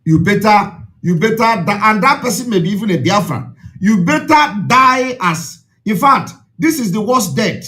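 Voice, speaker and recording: A man's voice: high-pitched, lively intonation, moderate pace, hardly any pauses, a bit bright. A man with a Nigerian accent, an Igbo speaker, addresses his followers in an impassioned, repetitive, preaching way.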